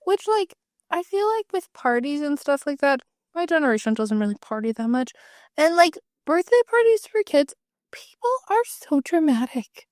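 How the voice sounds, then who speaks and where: A woman's voice: high-pitched, big pitch swings, moderate pace, a little mellow, dry recording, studio quality. A young adult woman co-hosting a podcast in casual chat, blunt and matter-of-fact. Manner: blunt and matter-of-fact, pokes holes in the story. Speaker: podcast co-host.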